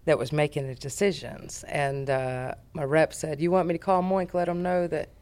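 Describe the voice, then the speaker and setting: Woman, American accent, low-ish voice, brash, profane, animated podcast storyteller. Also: normal speed. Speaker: guest, business founder.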